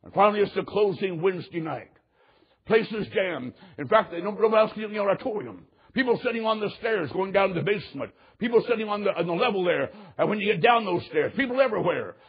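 A man's voice: high-pitched, animated, fast, husky, muffled recording. A man preaching a sermon, telling a story with drama and quoting people in varied voices. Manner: dramatic, quotes others in changing voices.

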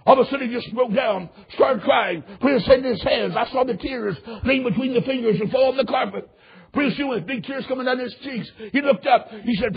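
A male pastor with a high, gravelly, very raspy voice, preaching with fervor. He drops to hushed tones, then rises to shouted, impassioned peaks. The recording is dull and lo-fi. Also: brisk. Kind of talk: sermon with altar call.

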